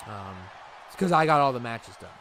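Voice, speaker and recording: This livestream host is a man who chats loosely and rambles with his viewers, laughing readily. His medium-pitched voice has lively intonation, a fairly bright tone and a normal pace, with slight background noise.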